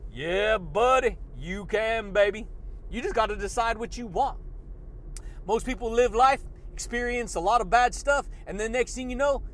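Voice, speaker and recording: A man's voice: high voice, fairly bright tone, a little hiss or hum. A man hosting a motivational podcast, hyped and repetitive, calling his listeners buddy and baby. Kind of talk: fired-up motivational monologue.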